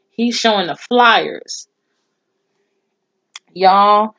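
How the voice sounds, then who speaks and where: A woman, reviewing a TV episode in a profane, animated, indignant rant. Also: on the low side. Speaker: TV show reviewer. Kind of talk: casual recap rant. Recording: slightly dull lo-fi audio.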